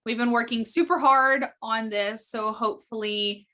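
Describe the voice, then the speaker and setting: A woman's voice: a little high, fairly even intonation, moderate pace, bright, forceful tone. A woman hosting a casual chat, gushing and upbeat, often laughing. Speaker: host.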